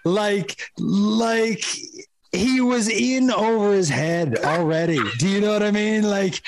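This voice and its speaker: A middle-aged comedian, appearing as a guest, tells a funny story slowly in a high voice with big swings in pitch. He laughs often and acts out the voices of the people in it.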